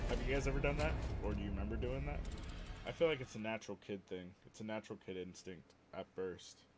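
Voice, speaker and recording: A man's voice: fairly low pitch, quick pace, over music. A young man on a stream, telling stories in a loose, profane way, full of "like" and "dude". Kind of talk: casual storytelling chat. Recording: loud vehicle and ambient noise behind.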